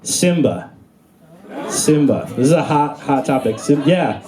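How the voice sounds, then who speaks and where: A man's voice: on the high side, moderate pace, dark tone, a faint crowd. A young man doing a stand-up comedy set on stage, talking in a casual, rambling way with lots of fillers. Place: comedy club stage before a live audience. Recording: live room with audible noise.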